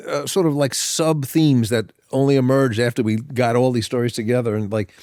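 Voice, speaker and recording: A man's voice: medium pitch, steady tone, moderate pace, a little mellow, no room sound, clean studio sound. A man in casual podcast conversation, chatty and reflective as he prompts and adds to the stories. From United States. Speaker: co-author and guest.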